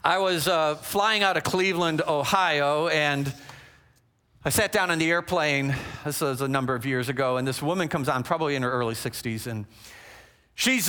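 A man with a voice on the high side gives a teaching talk about relationships. He's animated and conversational, often turning to the audience with asides.

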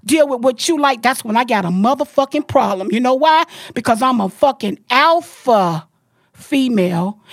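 High-voiced woman ranting hard on a podcast. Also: no room sound, studio quality. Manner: loud, profane, forceful, emphatic. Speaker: podcast host. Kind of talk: heated podcast rant.

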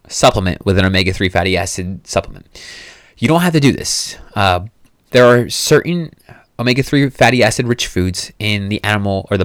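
A man's voice: medium pitch, dry recording, clean studio sound. A man hosting a solo podcast, giving casual, profane nutrition advice with fillers and restarts. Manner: casual, profane, self-coaching. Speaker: podcast host.

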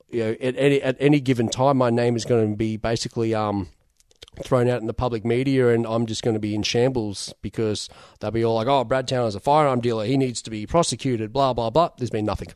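A young adult man with an Australian accent, a toy seller talking through his case as an interview guest in a rambling, relaxed way with many fillers. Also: mid-range voice, clear, resonant tone, no room sound, studio quality. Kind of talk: casual interview talk.

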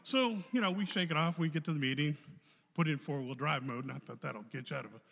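A man giving a spoken testimony to a church congregation, telling his story in a lively way and acting out the voices in it. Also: on the high side, quick pace, vocal fry, dull audio. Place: church hall. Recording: long hall reverb.

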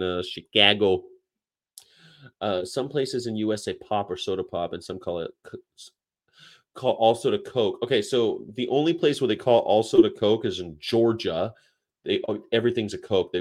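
Low-voiced guy rambling on a stream, laughing a lot, reading chat. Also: moderate pace. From United States. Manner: rambling, laughs often, mimics accents. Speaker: livestream host. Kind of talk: casual chat reading chat comments.

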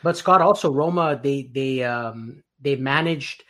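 A man hosting a podcast, giving animated, opinionated football takes in casual chat with frequent restarts. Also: medium pitch, unhurried. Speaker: podcast host.

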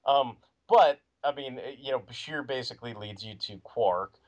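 A man's voice: medium pitch, moderate pace. A man co-hosting a podcast in casual chat, rambling with lots of "you know" and "like". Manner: rambling, filler-heavy talk. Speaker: podcast co-host. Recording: muffled lo-fi recording.

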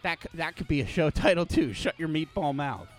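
A man with a fairly high, very lively voice rants through a story on a casual podcast. He swears freely and his pitch swings widely as he tells it. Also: fairly quick, faint music behind. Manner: animated, profane storytelling. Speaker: podcast host.

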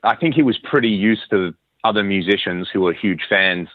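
An Australian man, a guest musician, telling a long story in a relaxed, rambling way with frequent restarts. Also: fairly low pitch, moderate pace, dry recording. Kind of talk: casual interview chat. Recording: tinny phone-line sound, dry.

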